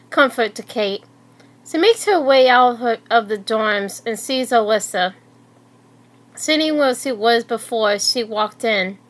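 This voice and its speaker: A woman reading a fan story aloud in an unhurried, slightly halting way. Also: a little high, a bit bright.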